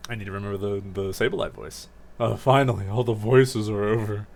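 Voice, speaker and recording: A man with a lowish voice gives relaxed, chatty commentary while playing a game. His asides are offhand and conversational, with loose restarts. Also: a little fast, gravelly. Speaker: streamer. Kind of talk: casual gameplay commentary.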